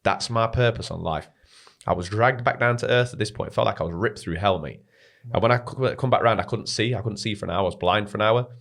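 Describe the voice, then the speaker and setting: Fast-talking, low-voiced young man. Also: vocal fry. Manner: animated, rapid storytelling with frequent "mate" and swearing. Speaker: podcast guest. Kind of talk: casual storytelling.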